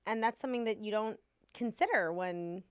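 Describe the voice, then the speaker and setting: A woman hosts a podcast in easy, casual conversation. She talks sincerely and chattily, leaning on "like" as she thinks aloud. Her voice sits at an average pitch and is recorded close and dry. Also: normal speed, clear, resonant tone, dry recording. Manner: chatty, sincere, uses many "like" fillers. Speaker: podcast host. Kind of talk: casual chat.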